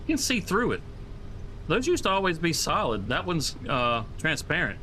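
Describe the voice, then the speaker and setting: A man streaming a farming game, chatting casually and excitably, rambling with swears and laughs. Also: fairly high pitch, moderate pace, slight background noise.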